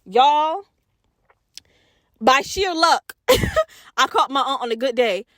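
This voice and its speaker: A woman hosting a podcast, telling a story in a casual, animated and profane way, laughing and acting out voices. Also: high voice, slow pace, no echo, clean studio sound. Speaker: podcast host.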